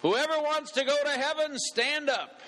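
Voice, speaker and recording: Man putting on a high, commanding fire-and-brimstone preacher. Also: fairly even intonation, a little fast, clear, resonant tone. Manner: loud, commanding. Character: fiery male preacher giving a heaven-or-hell sermon.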